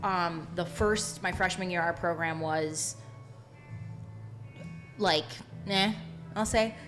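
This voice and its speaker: A young woman hosting a casual podcast, telling expressive stories with lots of "like.". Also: fairly low pitch, slow pace, music in the background. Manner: chatty, expressive storyteller with frequent "like" and bursts of laughter. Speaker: podcast host.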